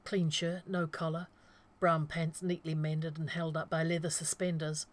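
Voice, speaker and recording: A woman narrating a story aloud in an even, steady way. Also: low-pitched, normal speed.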